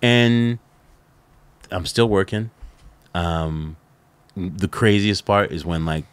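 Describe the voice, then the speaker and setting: A middle-aged man, a podcast guest, telling stories in a casual interview, animated and laughing, with lots of "like" fillers. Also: sits low, slow, clear, resonant tone, no room sound.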